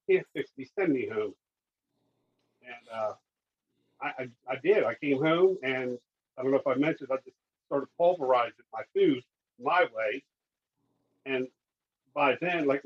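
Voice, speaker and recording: Husky-voiced man telling a long story. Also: mid-range voice, muffled recording. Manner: animated, acts out dialogue with doctors and nurses. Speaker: guest. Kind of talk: casual podcast storytelling.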